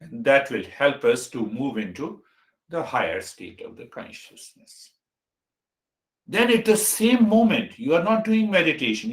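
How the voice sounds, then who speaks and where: A man giving a meditation teaching talk as a spiritual teacher, speaking deliberately and listing words one at a time. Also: medium pitch, fairly bright tone. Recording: roomy echo.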